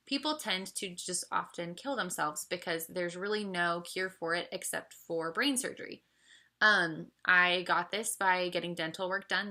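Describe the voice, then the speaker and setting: A woman's voice: mid-range voice, pushed and bright. A young woman coaching her audience in an earnest motivational talk, asking question after question with frequent fillers. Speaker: business coach.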